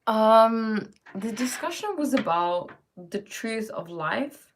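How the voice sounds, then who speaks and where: Gravelly-voiced woman musing on a livestream. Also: fairly high pitch, lively intonation, slow pace, noisy background. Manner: reflective, musing, breaks off mid-sentence. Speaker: livestream host. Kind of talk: casual livestream chat answering viewer comments.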